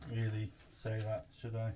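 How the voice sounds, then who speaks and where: A man talks through an unboxing in a relaxed, rambling way, thinking out loud between pieces. He is recorded in his garage workshop. Clear background noise and clicks sit under his voice. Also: lowish voice, moderate pace. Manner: chatty and rambling, thinks aloud. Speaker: tool reviewer. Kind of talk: casual chat while unboxing.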